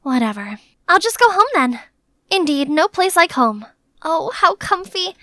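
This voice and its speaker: A young woman narrating her own animated story in the first person, in a chatty, playfully dramatic way. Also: very high-pitched, unhurried, no echo, studio quality. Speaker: narrator and maid character.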